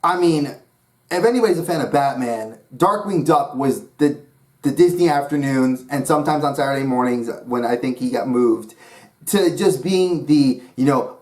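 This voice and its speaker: A man from New York talks casually to camera as a channel host. His voice sits at a middling pitch, and his thoughts ramble from one tangent to the next with steady enthusiasm. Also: normal speed. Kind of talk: casual vlog talk.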